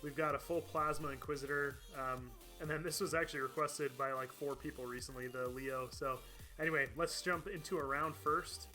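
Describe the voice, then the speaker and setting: A man's voice: a little high, steady tone, normal speed, bright, forceful tone, faint music behind. A man streaming a video game live, chatting casually, laughing often and thanking viewers by name. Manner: chatty, laughs often, reads out chat names and thanks donors. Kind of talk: casual live-stream chat over gameplay.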